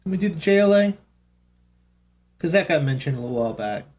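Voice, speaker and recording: A man's voice: fairly high pitch, very animated, quick pace, husky. A man hosting a live radio show, chatting casually and now and then cooing to his cat. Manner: chatty, talks to his cat in a soft baby voice.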